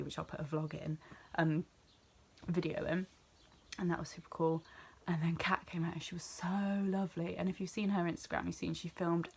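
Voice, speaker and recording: A young woman from near Bristol with a West Country English accent, chatting excitedly and rambling as she recaps an event in a vlog. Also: deep voice, creaky, breathy edge. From England. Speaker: vlogger. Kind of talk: casual chat.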